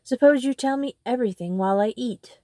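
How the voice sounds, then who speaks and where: A woman's voice: on the high side, fairly quick, darkish tone, no room sound, studio quality, pitched above the performer's own voice, close to an everyday voice. A woman doing an eager little mole. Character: eager gentle male mole, glum now.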